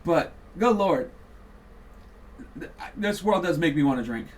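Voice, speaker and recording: A man's voice: a little high, expressive, measured pace, far from the mic. A man hosting a podcast, launching into a heated, profane, mocking political rant. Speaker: podcast host.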